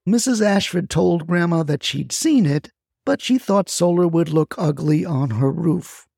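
A man's voice: a little high, expressive, a little slow, vocal fry, dark tone, no room sound, clean studio sound. A man narrating a scripted story in a wry, folksy way, with asides to the listener. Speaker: storyteller, the grandson.

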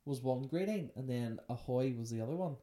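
A woman's voice: a bass voice, expressive, fairly quick, warm tone. A woman hosting a casual, unscripted podcast chat, joking and telling playful stories. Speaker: podcast host.

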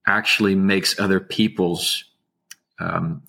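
Calm low-voiced man, husky and soothing. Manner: slow, measured, unhurried speech. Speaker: guest, attorney. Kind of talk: casual interview talk.

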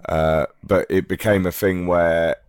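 A man's voice: deep voice, fairly even intonation, unhurried, darkish tone, no room sound, clean studio sound. A man co-hosting a podcast in casual chat, laughing often and using slang. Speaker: podcast co-host.

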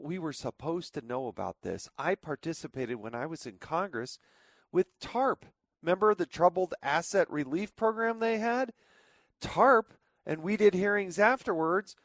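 A man's voice: on the high side, dry recording. A man hosting a talk radio show, delivering indignant commentary full of rhetorical questions. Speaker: fill-in radio host.

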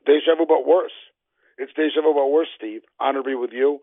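A man's voice: mid-range voice, fairly even intonation, brisk, dry recording. Emphatic man over a tinny phone line. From New Jersey. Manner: emphatic, declamatory. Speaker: guest commentator. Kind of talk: heated political commentary.

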